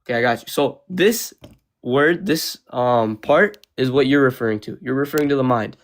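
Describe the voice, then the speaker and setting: A young man calling in to a live debate, talking casually and filling pauses with "uh" and "um". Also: mid-range voice. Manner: casual, says bro, pauses with uh and um. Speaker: caller debating the host. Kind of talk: heated debate.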